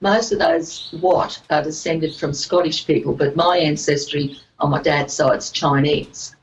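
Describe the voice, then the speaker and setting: A woman's voice: low-pitched, fairly even intonation, a little slow, dull audio. A woman guest telling a personal story in a casual chat. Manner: storytelling, laughs easily.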